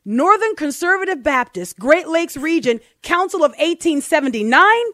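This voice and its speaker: An overeager, zealous man fires off question after question in a raised, high voice, as a woman reads him out. The pitch swings widely and the tone stays pushy and excited. The sound is dry and close. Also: normal speed, no echo, exaggerated voice. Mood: eager. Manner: eager, rising, near-shouting questions.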